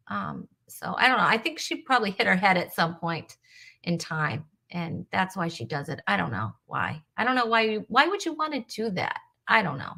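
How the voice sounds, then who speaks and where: A woman's voice: fairly high pitch, sharp tone. A woman from Rhode Island hosting a live comedy web show, chatting casually, joking and greeting viewers by name with self-deprecating asides. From Rhode Island, USA. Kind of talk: casual live-stream chat.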